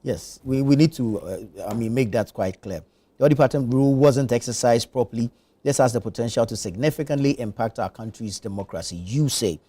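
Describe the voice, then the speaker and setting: A man hosts a breakfast news review in a TV studio, speaking. His voice sits at a medium pitch with a warm, mellow tone. He reads viewer messages and cues his guests in an even, conversational way. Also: fairly quick. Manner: reads viewer messages, brief affirming murmurs. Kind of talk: morning show panel moderation.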